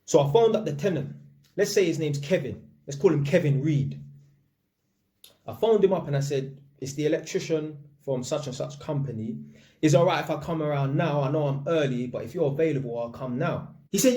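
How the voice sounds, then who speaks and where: A man's voice: medium pitch, fast, reverberant. A young man, telling a casual, slangy story about his work as an electrician and acting out the people in it. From England. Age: young adult. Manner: slangy, animated, acts out quoted people.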